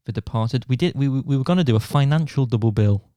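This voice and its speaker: A man's voice: medium pitch, fast, mellow, no echo, studio quality. A young man in his twenties co-hosting a podcast, telling self-deprecating stories with frequent laughs. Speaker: podcast co-host. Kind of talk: casual chat.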